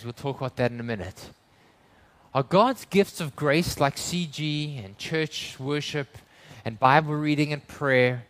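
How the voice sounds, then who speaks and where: A male preacher delivering a sermon in church. His voice sits a little higher than most men's. He talks earnestly, building to emphatic runs and then dropping low and quiet.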